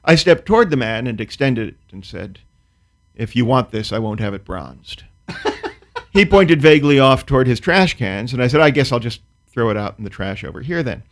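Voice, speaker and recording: A man's voice: mid-range voice, animated, moderate pace. A man, a comedian guest, telling a comic story in a dry, precise, wry way, then chatting casually about his work. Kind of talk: casual talk-show chat.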